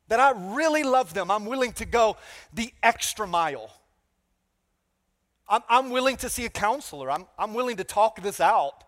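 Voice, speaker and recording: A pastor delivering a lively sermon, teasing and calling for amens. His voice sits high for a man and rings out with long reverb in a large sanctuary. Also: normal speed. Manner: energetic, call-and-response, playful asides.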